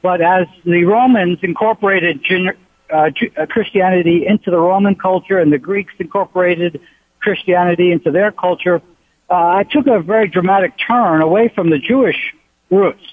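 A man in his sixties from the United States calls into a radio show and speaks earnestly, often pausing as he talks. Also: high voice, dry recording. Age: 60s. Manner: earnest, halting with many pauses. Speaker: radio caller. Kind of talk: call-in question. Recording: tinny phone line.

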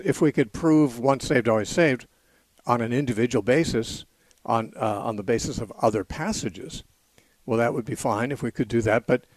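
A man's voice: medium pitch, no echo. Man explaining scripture on call-in radio. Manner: measured, explanatory, restarts to correct himself. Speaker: radio call-in host and Bible teacher. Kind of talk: call-in radio Bible teaching.

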